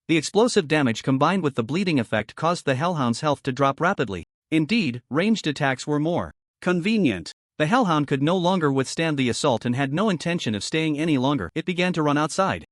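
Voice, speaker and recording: A man narrating a fantasy story recap in a lively, dramatic scripted reading. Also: on the high side, fairly quick, no room sound, clean studio sound.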